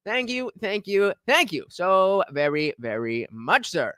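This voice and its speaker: A man hosting a live stream, reacting to a clip and excitedly thanking donors, sometimes breaking into shouts. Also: high-pitched, unhurried, few pauses, clear, resonant tone, no room sound. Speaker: livestream reaction host. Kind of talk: casual live-stream chat.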